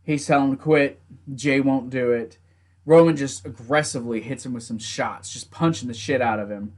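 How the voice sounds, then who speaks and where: A young man casually recapping a wrestling event, animated, laughing often and acting out the wrestlers' lines. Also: mid-range voice, moderate pace. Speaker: wrestling show reviewer. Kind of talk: casual recap with acted quotes.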